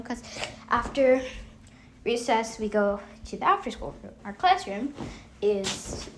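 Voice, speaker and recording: A young woman tells a childhood story in a loose, rambling way, with plenty of fillers and frequent laughter. Her voice sits high for a woman. There is a faint hiss in the background of the recording. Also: measured pace. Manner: rambling, animated, laughs often, lots of fillers. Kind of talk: casual storytime vlog.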